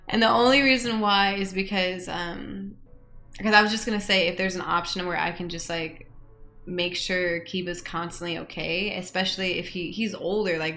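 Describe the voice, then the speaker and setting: Woman with a gravelly, creaky voice. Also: on the low side, sharp tone. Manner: chatty, laughs often, gets emotional. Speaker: gaming YouTuber. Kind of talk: reading game questions aloud and reacting.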